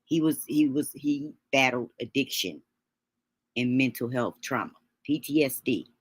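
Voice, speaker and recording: Grieving, a woman hosting a livestream addresses her viewers directly in a low voice with a husky edge, halting and restarting as she sniffles back tears. The recording is dry and close, with no sense of a room around her.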